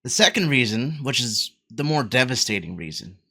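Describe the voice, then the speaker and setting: A man's voice: medium pitch, big pitch swings, normal speed, creaky, bright, forceful tone. A man hosting a reaction video, talking casually and emphatically, with frequent swearing. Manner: emphatic, exclaiming, swears often.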